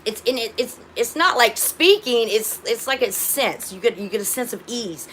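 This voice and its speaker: A woman's voice: on the high side, fairly bright tone, slight background noise. A woman with grown children hosting a casual livestream from her phone, rambling with many restarts and talking to viewers as y'all. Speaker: livestream host.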